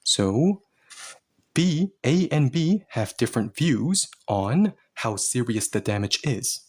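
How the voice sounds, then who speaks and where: Husky man patiently teaching grammar. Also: medium pitch, sing-song, slow, darkish tone. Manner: patient, playful, explains step by step. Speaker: Korean language teacher. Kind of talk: explaining grammar in a lesson.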